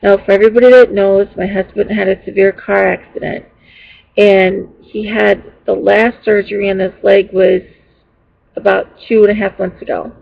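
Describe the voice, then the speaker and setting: A woman vlogger rambles through a casual story for her viewers, restarting her sentences and filling gaps with ums. Her voice has a gravelly, creaky edge, and she sounds exasperated as she retells it. The sound is dull and lo-fi, like a basic home recording. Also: mid-range voice, level tone, normal speed. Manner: rambling, with many fillers and restarts.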